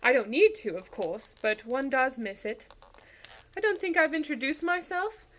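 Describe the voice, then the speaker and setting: A woman's voice: high voice, expressive, normal speed, a bit bright. A woman voicing a centuries-old male ghost who speaks wistfully and courteously.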